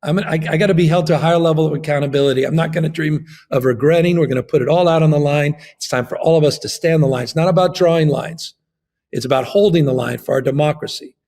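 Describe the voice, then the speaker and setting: A man's voice: on the high side, fast talker, a little mellow. A man, a governor, giving an impassioned political interview, emphatic and fond of repeating his phrases.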